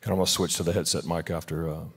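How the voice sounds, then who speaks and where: Man, very low voice, pastor, informal heartfelt sermon, rambling restarts, church service. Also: little pitch movement, very fast, creaky, slightly rough. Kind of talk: sermon and prayer. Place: church sanctuary.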